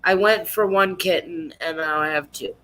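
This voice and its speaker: A woman hosting a support group meeting online, chatting and teasing in a lively, casual way. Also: lowish voice, normal speed, poor audio.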